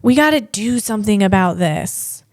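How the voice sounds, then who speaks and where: A woman's voice: medium pitch, lively intonation, moderate pace, no echo, studio quality. A woman hosting her own podcast as a comedian, ranting in a playful, teasing way with lots of restarts. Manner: rambling, jokey ranting with frequent restarts. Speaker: podcast host and stand-up comedian. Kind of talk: casual solo podcast monologue.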